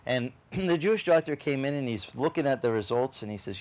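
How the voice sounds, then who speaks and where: A man's voice: medium pitch, a little fast, few pauses. A male pastor preaching a conversational sermon. He tells a personal story and acts out the other people's lines, with frequent restarts, and speaks straight to the congregation. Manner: animated storyteller who acts out quoted dialogue, with frequent restarts; chatty, addresses the congregation directly.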